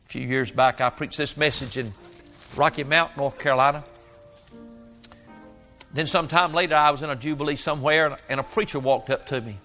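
Male preacher, folksy storyteller, ordinary middle pitch. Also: brisk, pauses often, bright, forceful tone, faint music behind. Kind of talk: sermon.

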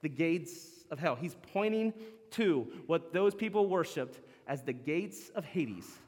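A man preaching a sermon as pastor, animated, acting out the lines he quotes. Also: high-pitched. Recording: long hall reverb.

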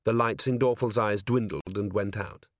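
A man narrating an audiobook in an expressive, dramatic reading. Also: fairly low pitch, moderate pace, no echo, clean studio sound. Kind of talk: scripted narration.

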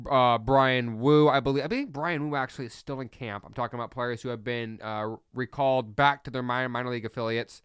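A man's voice: mid-range voice, fairly bright tone, clean tone, dry recording. A man hosting a solo sports podcast, fired up and blunt, ranting with preachy repeated lines into a close mic. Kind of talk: opinionated solo podcast rant.

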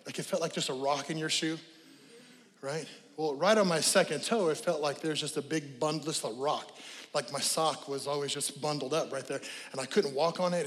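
A middle-aged man, a pastor giving a sermon, who talks in an animated way, sometimes rising to shouts and sometimes slipping in joking asides. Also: a little high, big-room sound. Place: church sanctuary.

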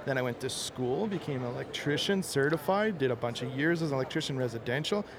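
A man's voice: mid-range voice, quick pace. A man from the Montreal area, a contractor, telling rambling stories in a casual interview and often tossing in "okay" and "like". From Montreal area, Canada. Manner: animated, rambling storyteller, fills with "okay" and "like". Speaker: contractor guest. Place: trade show floor. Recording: crowd noise of a busy trade show. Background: crowd chatter.

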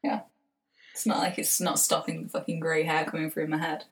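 A woman's voice: sits low, flat delivery, a little fast. Sweary, laughing English podcast woman. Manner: sweary, laughing, drops into whispers. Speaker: podcast co-host. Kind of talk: casual chat.

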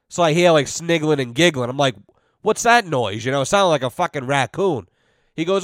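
A man telling a story on his podcast in a profane, animated way, acting out both sides of conversations. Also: fairly high pitch, moderate pace, no room sound, studio quality. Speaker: podcast host. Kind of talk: casual storytelling monologue.

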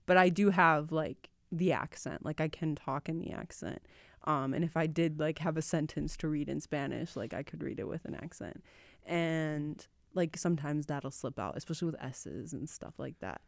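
Young woman, low voice, gravelly, casual podcast chat, dry close sound. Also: moderate pace, dry recording. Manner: laughs often, chatty. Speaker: podcast guest.

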